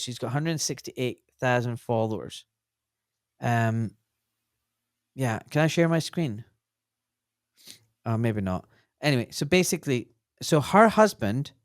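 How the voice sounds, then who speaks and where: A man's voice: medium pitch, smooth, no echo, clean studio sound. A man in his forties, a doctor and podcast guest, telling stories bluntly and animatedly, swearing freely in casual conversation.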